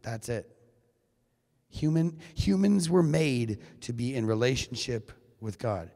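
A man giving a keynote talk at a men's conference, animated and joking, acting out quoted lines in his own voice. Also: mid-range voice, takes it slowly, creaky. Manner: animated, jokey, acts out quotes. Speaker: keynote speaker. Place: high school venue. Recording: long hall reverb.

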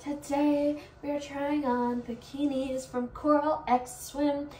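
Young woman chatting in a bubbly valley girl way, kinda high voice, echoey room, a bit far from the mic. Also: level tone, slow, dark tone, slight background noise. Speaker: vlogger. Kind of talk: casual try-on haul vlog.

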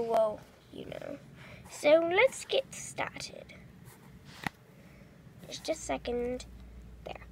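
A woman's voice: high-pitched, a little hiss or hum. A young female creator talking casually through a DIY craft tutorial, often dropping into whispered asides. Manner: chatty, drops into whispered asides.

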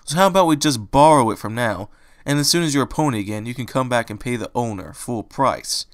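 A man playing a streetwise male rabbit in a fan storybook reading, grumbling and impatient. His lines come out pushy and sarcastic, louder and punchier than the narration around them. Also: medium pitch, fairly quick, no room sound, clean studio sound, close to an everyday voice.

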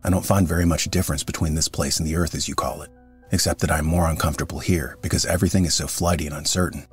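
A man reading as a sharp-tongued complaining ghost woman. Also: a bass voice, steady tone, rapid-fire, soft background music. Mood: querulous. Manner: curt, querulous replies. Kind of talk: audiobook reading of a character.

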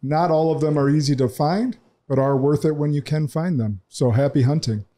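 A man's voice: a little high, normal speed, warm tone. A man hosting a podcast in a studio, talking casually, emphatic and opinionated. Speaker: podcast host.

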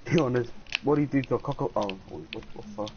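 Brash, swearing young gamer man, lively pitch. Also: quick pace, gravelly, dull audio, background noise. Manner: brash, swears freely, boastful. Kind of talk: casual gaming banter.

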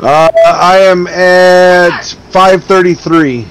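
A man's voice: sits high, drawn-out words, a bit bright, clean tone, poor audio. A man in a game voice chat making short, blunt call-outs to his convoy. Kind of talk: casual voice-chat banter.

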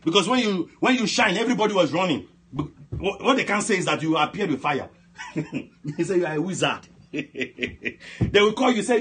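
A man leading a shouted fire prayer as a pastor, with intense bursts of speaking in tongues and chuckling asides. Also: sits high, animated, normal speed, breathy edge. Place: church or prayer broadcast.

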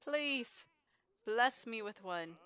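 A woman's voice: on the high side, lively intonation, very slow, a bit bright, clean tone, no echo, voice pushed up, full character voice. A woman voicing an eager little boy in a game who begs for a present.

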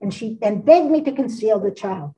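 A woman's voice: medium pitch, expressive, moderate pace, warm tone, distant mic, natural voice, low-quality recording. A woman reading aloud the lines of an old witch from a storybook, who confesses her past deeds. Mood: confessing.

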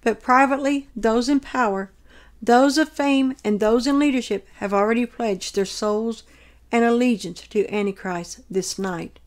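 A woman reading aloud the words of a gentle, loving male divine figure, in a tender and solemn manner, in her own slightly high voice. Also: unhurried, natural voice.

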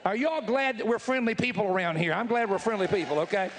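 A man with a Southern US drawl preaches to a live congregation, his voice sitting notably high. He talks bluntly and folksily, throwing emphatic asides at the crowd. The sound carries a long, echoing hall reverb. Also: fast, background noise. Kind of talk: sermon. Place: large church hall with live audience.

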